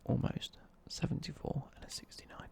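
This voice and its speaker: A man's voice: moderate pace, mellow, no room sound, in a whisper. A man live-streaming a football game and chatting cheekily with viewers, reading their messages out and joking back. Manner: cheeky, jokey banter, reads out chat messages.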